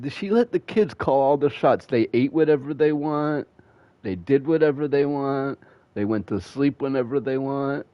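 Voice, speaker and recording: A man's voice: medium pitch, normal speed, no echo. Rambling, profane male streamer. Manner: rambling, profane, laughs at his own stories. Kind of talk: casual storytelling while gaming. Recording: dull dry home mic.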